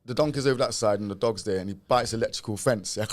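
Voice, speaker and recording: A man co-hosting a live podcast in a studio, joking loosely with plenty of ums and quick shout-outs. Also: lowish voice. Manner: playful, loose, lots of ums and joking asides. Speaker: podcast co-host. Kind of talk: casual live-stream chat.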